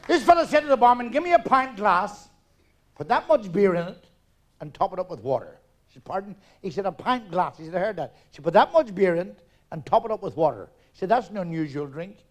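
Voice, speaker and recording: Brash, high-voiced comic. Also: male voice, lively intonation, a faint crowd. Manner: rapid-fire punchlines, loud and brash, acts out characters. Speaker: stand-up comedian. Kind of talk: live stand-up joke telling. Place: theatre stage, audience laughter.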